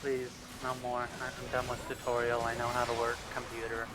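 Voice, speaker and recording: A man's voice: medium pitch, completely flat delivery, brisk, background noise. A man chatting casually on a stream, grumbling and exasperated as his friend teases him. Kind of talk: casual chat.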